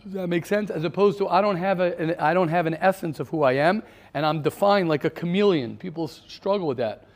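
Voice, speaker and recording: A man's voice: high voice, fairly quick. A man leads an informal Torah class. He speaks earnestly and emphatically, driving his points home by saying them again and again. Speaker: rabbi teaching a class.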